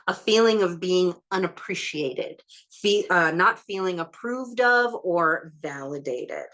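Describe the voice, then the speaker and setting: A woman leading an ancestral healing session, calmly and methodically counting back through generations in a matter-of-fact way. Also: on the low side.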